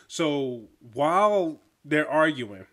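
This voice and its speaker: Podcast host, man, slightly high voice, lively and chatty. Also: extremely slow, a little hiss or hum. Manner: animated, laughs often, stumbles over names. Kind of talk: casual film review chat.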